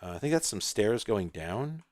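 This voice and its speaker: A man's voice: on the low side, big pitch swings, moderate pace, darkish tone, no echo. A man hosting a retro computing video, rambling in casual, profane commentary while he plays an old computer game, breaking into sudden exclamations.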